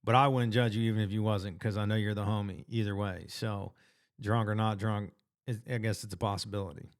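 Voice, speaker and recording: A man talks straight to his viewers in a casual, earnest motivational monologue. His voice sits low and sounds smooth and clear. He restarts his sentences often and drops slang as he goes. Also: steady tone, brisk. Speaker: vlogger sharing weight-loss progress.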